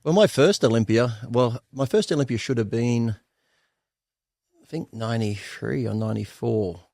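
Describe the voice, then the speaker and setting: A man's voice: medium pitch, moderate pace, gravelly, darkish tone, no echo, clean studio sound. An Australian man in his fifties telling candid stories as an interview guest, blunt and profane, often laughing. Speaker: guest bodybuilder.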